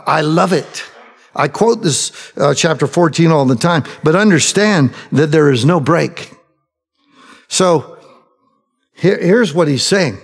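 A male pastor preaching a sermon with fervent emphasis, at times dropping to soft, quiet lines. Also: medium pitch. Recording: long hall reverb.

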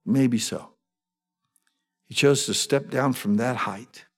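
This sermon comes from a lively male pastor who takes it slowly while often acting out eager voices that leap abruptly in pitch.

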